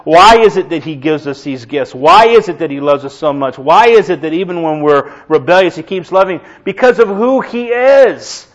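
A man in his sixties preaching a sermon, telling everyday stories with humorous asides. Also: fairly high pitch. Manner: conversational storytelling with humorous asides. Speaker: pastor. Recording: dull lo-fi recording.

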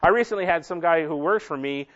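Male pastor preaching, higher voice. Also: fast, fairly bright tone. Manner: conversational, repeats and restarts words. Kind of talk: sermon. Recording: dull lo-fi recording.

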